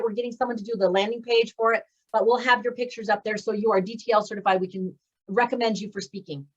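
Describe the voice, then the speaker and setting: A speaking coach and course host with a fairly high voice leads a graduation call for her speaking students, overflowing with encouragement and praise. Her audio is slightly muffled and lo-fi, like a video call.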